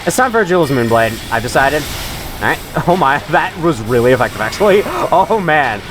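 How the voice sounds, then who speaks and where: Lively-pitched man narrating his gameplay. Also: normal speed, over music. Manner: chatty, joking, laughs often. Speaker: let's play host. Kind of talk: gaming commentary.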